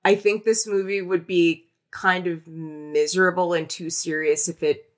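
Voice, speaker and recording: A woman co-hosting a podcast, chatting casually about a film in an animated, rambling way full of restarts. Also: on the low side, a little slow. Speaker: podcast co-host. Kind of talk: casual film-review chat.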